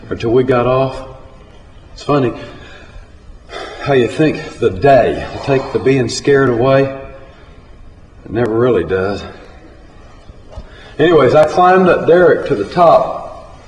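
A man's voice: medium pitch, darkish tone, a little hiss or hum. A man telling a first-person story in a plain-spoken, folksy and profane way. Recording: roomy hall with faint ambience.

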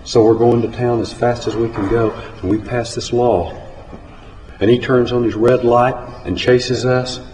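A man's voice: medium pitch, steady tone, unhurried, darkish tone, slight background noise. A man telling a first-person story in a plain-spoken, folksy and profane way. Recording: roomy hall with faint ambience.

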